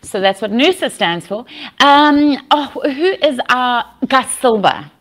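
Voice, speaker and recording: A woman's voice: high-pitched, animated, a little slow, a bit bright. A South African woman hosts a casual news podcast. She talks in a chatty, easygoing way, laughing often and restarting her sentences. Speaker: podcast host.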